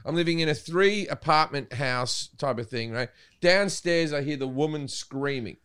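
A man with an Australian accent telling loud, swear-filled anecdotes in casual podcast chat. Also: fairly high pitch, normal speed, clean tone. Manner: loud, swearing, does silly voices in anecdotes. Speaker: podcast guest. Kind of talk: casual storytelling.

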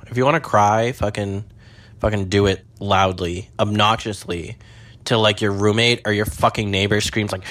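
A young man rambling and swearing in a casual monologue from his parked car, jumping between low mutters and high squeals. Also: fairly even intonation, fairly quick, fairly bright tone. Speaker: vlogger.

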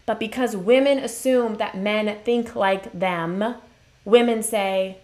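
A woman's voice: mid-range voice, slow, a little mellow. A woman speaking as a relationship coach in a motivational live-stream talk, earnest and emphatic, repeating her key phrases and reading viewer comments.

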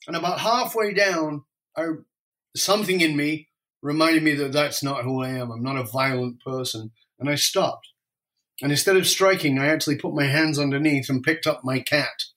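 A man telling an emotional personal story, reflective and candid, speeding up and slowing down as he goes. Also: fairly high pitch, fairly bright tone. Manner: emotional, reflective, varies pace widely.

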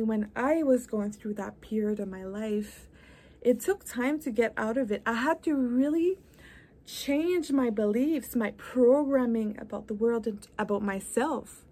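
A woman with a fairly high voice gives an earnest motivational talk as a podcast host and wellness coach. She speaks in an encouraging, heartfelt way. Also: dark tone.

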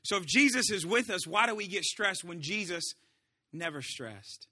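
Pastor guy preaching, high voice, super bright and sharp, swings loud to hushed. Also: moderate pace. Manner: animated preaching, swinging between shouts and hushed asides. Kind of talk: sermon.

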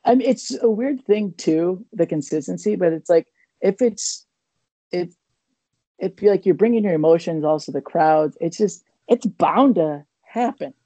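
A man's voice: high-pitched, moderate pace, no echo. Rambling man telling a podcast story. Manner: rambling, animated, many restarts and fillers. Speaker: comedian and podcast co-host.

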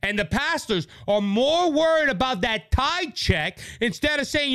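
A man's voice: very high voice, animated, measured pace, sharp tone, smooth, dry recording, clean studio sound. A man from Louisiana hosting his own podcast, speaking into a microphone in a fervent, preachy way and repeating words when worked up. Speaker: podcast host. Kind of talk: impassioned political podcast monologue. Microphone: studio microphone.

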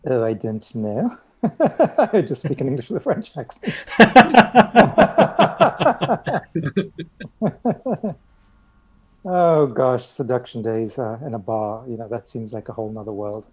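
A guest in a casual chat, self-deprecating and quick to laugh at themselves. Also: medium pitch, mellow.

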